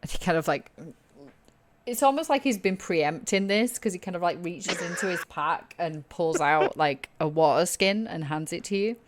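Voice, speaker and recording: A woman's voice: fairly low pitch, animated, normal speed, noisy background. A woman narrating as game master, describing characters in a casual way with lots of "kind of, like". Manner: casual, many "kind of, like" fillers. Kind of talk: tabletop role-play narration.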